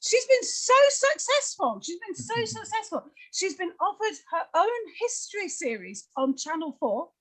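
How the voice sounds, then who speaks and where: A woman's voice: extremely high pitch, normal speed, few pauses. A woman with a British accent doing chatty, teasing stand-up comedy on a video call. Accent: British English. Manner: chatty, teasing, lively storytelling. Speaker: comedy host.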